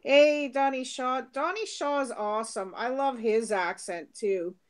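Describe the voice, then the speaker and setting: A woman chatting casually as a guest, agreeing readily, laughing often and filling her speech with "like" and "um". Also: sits high. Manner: agreeable, quick to laugh, lots of "like" and "um". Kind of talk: casual chat.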